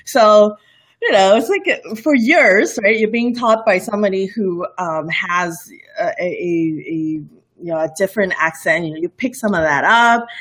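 A Borneo woman in her thirties, a livestream cooking show host, appears as a guest in a casual interview. Her medium-pitched, fairly bright voice carries a light Bornean lilt mixed with international English, and she's full of fillers, restarts, and giggles.

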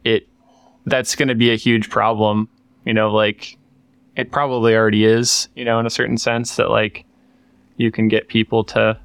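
A man's voice: fairly low pitch, level tone, normal speed, fairly bright tone, clean tone, dry recording. A man co-hosting a podcast in casual chat, rambling with lots of fillers and restarts. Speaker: podcast co-host. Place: workshop.

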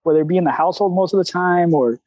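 A man in his thirties with a high voice, talking in a candid, streetwise way full of slang and cussing. The sound is dry and close, with no room around it. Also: rapid-fire, darkish tone, dry recording, rough recording. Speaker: CrossFit coach, guest. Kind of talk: casual interview talk.

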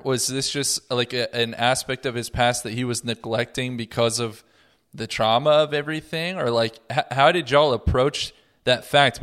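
A man's voice: mid-range voice, a bit bright. A man hosting a podcast discussion, asking probing questions in a casual, curious tone. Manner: asks probing questions, inquisitive. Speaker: podcast host leading the discussion.

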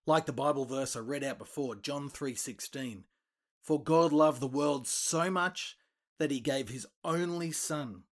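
A man retelling a Bible story for children, lively and expressive, acting out the quoted lines. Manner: animated, acts out quoted voices with big pitch jumps.

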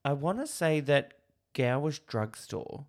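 A man co-hosting a podcast, trading quick jokes and one-liners in casual film chat. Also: fairly high pitch, big pitch swings, darkish tone. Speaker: podcast co-host.

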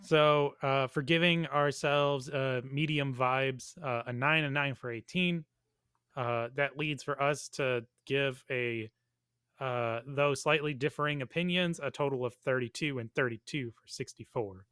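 A man co-hosting a casual podcast, laid-back and halting, with many fillers. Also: medium pitch, a bit bright, clean tone, no echo, studio quality. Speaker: podcast co-host.

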